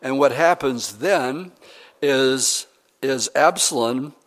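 A man delivering a sermon, walking through a scripture passage in a loose, conversational way. He paraphrases the characters' words and stops now and then to correct himself or fumble for a verse number. His voice sits at an ordinary pitch for a man. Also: slow. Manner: fillers and self-corrections. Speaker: preacher.

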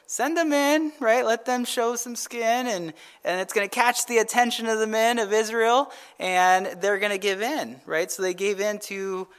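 A male pastor giving a conversational Bible teaching, retelling scripture in a casual, animated way and often checking in with "right?". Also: sits high.

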